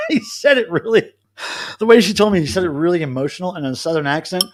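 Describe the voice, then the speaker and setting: A man's voice: fairly high pitch, lively intonation, fairly quick, long pauses. A middle-aged man rambling and joking with viewers by name as he hosts a casual live stream from home, alone. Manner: rambling, self-amused, chats to commenters by name. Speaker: livestream host.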